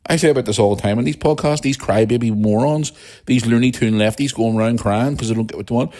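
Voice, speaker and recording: A man's voice: mid-range voice, fast, darkish tone. A man hosting a podcast in a casual monologue, talking bluntly and heatedly with plenty of swearing. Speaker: podcast host.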